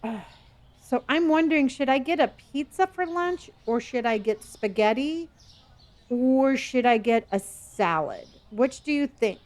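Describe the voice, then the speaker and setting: A woman's voice: high-pitched, animated, measured pace, darkish tone. A middle-aged woman streaming a game, chatting playfully with viewers and answering their chat messages.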